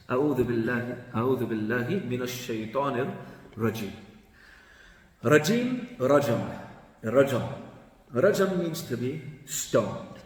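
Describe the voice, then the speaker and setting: A man, a mufti, giving a lively religious lesson, shifting his tone with the meaning and chanting Arabic passages quickly. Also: mid-range voice. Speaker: mufti teaching Quran commentary. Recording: echoey hall from a distant mic.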